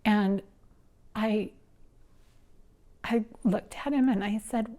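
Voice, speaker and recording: A middle-aged woman telling her personal story in an earnest, emotional way, her voice going soft and breathy at the tender moments. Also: medium pitch, steady tone, takes it slowly, long pauses. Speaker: interviewee, nonprofit founder and mother. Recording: soft music underneath.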